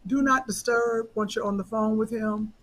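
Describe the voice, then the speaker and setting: A woman co-hosting a comedy podcast, teasing her partner in quick casual banter. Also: on the high side, fairly even intonation, slight background noise, rough recording. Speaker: podcast co-host.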